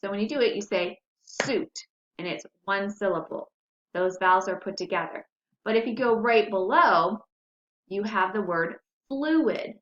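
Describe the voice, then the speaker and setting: A woman's voice: medium pitch, moderate pace. A woman teacher giving a recorded spelling lesson to young children, patiently sounding out words syllable by syllable. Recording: echoey room, dull lo-fi sound.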